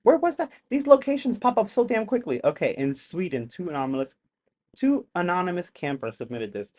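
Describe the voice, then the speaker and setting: A man's voice: high-pitched, fairly quick. A young man hosting a live stream, chatting casually as he reacts to videos. His voice swings widely as he exclaims and cracks jokes. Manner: animated, exclaiming, joking.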